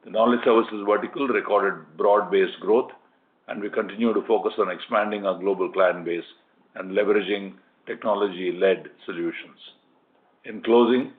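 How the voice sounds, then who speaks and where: A man, a company executive, reading formal prepared closing remarks on an earnings call. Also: lowish voice. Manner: formal, measured, scripted. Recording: phone-line conference call audio.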